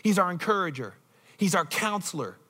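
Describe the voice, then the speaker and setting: Man, pastor, high voice, conversational sermon, quizzes the congregation. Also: very animated, brisk, pushed and bright. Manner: conversational, asks the congregation questions.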